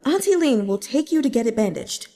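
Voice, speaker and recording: Brief: soft, patient servant woman as a reader puts her on, lively pitch, long hall echo. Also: a little fast. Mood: soothing. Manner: soothing, patient. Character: kind scarred older female servant, patient and gentle.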